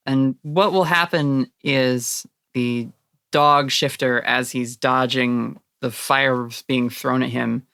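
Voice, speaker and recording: Woman GM with a gravelly voice, animated tabletop narration, dry close recording. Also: extremely low pitch, slow pace, no room sound. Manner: lively, laughs often, voices characters. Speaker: game master.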